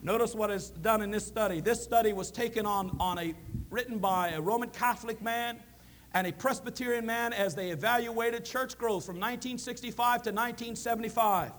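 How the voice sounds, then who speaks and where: A man preaching a sermon as a minister, building to loud, emphatic peaks. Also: extremely high pitch, brisk.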